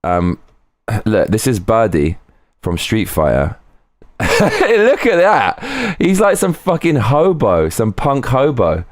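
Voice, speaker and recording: A man's voice: fairly low pitch, sing-song, a little slow, no room sound, clean studio sound. A man streaming live from home, chatting casually, rambling and swearing as he goes. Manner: rambling, swearing, breaks into sung snatches. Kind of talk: casual livestream chat.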